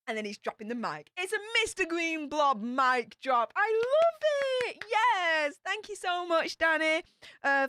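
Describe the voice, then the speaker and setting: A woman's voice: high voice, sharp tone, dry recording, clean studio sound. Bubbly woman streamer. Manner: bubbly, chatty, rambling with fillers. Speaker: YouTube host. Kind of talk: livestream chat reading super chats.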